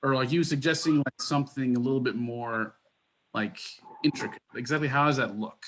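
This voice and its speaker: A man's voice: medium pitch, a little fast, a bit bright, slight background noise. A man who co-founded the organization asking the guest a question on a video call, hesitant and earnest with many fillers.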